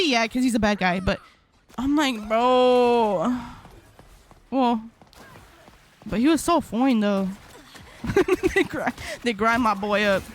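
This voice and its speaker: A woman's voice: fairly high pitch, fairly bright tone. A young adult woman streaming live, chatting casually with her viewers in a rambling, slangy storytelling way. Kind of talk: casual live-stream chat while gaming.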